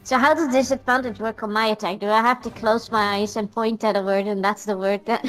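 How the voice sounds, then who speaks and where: A woman's voice: medium pitch, fairly even intonation, a little fast, poor audio. A woman playing a tabletop game, talking casually and giggling often. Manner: giggly and playful. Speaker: player. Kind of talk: casual play chat.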